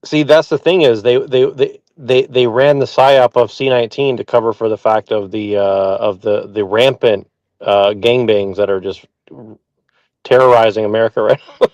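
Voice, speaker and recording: A man's voice: medium pitch, fairly even intonation, normal speed, darkish tone, dry recording. A man co-hosting a podcast in casual chat, sarcastic, often stammering and restarting his sentences. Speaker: podcast co-host. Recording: dull lo-fi mic.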